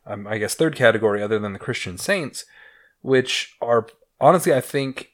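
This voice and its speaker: A man's voice: medium pitch, moderate pace. A young man from Utah co-hosting a casual podcast, joking and crude, often laughing as he talks. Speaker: podcast co-host.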